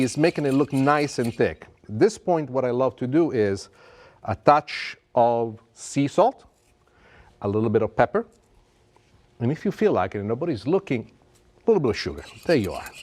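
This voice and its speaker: A middle-aged man with an Italian accent hosting a cooking demonstration in a TV kitchen, talking in a playful, theatrical, self-mocking way. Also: mid-range voice. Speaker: TV chef host. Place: TV kitchen set. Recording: music playing under the voice.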